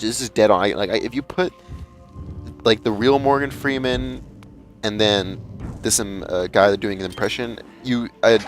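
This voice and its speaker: A young man chatting casually as a let's play gamer, rambling and often restarting his sentences. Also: on the low side. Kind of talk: casual commentary.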